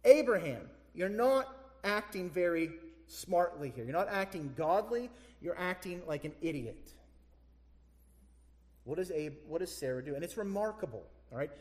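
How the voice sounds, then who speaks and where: A man preaching a sermon, animated, firing rhetorical questions at his congregation. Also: high voice, moderate pace. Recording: echoey hall.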